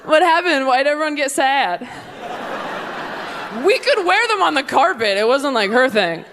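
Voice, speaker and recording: A young woman performs stand-up comedy on stage into a handheld mic. Her voice sits high, and her delivery is punchy and playful. She drops into teasing put-on voices to act out the people in her stories. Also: animated, normal speed, noisy background. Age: young adult. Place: comedy stage before a live audience.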